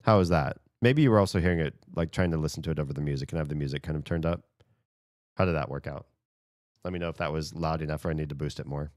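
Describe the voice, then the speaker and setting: A man's voice: rumbling low, quick pace, a little mellow, no echo, clean studio sound. A man streaming a rhythm game, chatting casually and thinking aloud between plays, often chuckling. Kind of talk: casual chat while gaming. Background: faint game music.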